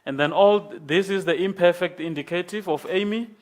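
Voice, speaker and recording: A man lecturing a class, explaining slowly and patiently and checking in with "okay?". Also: sits high.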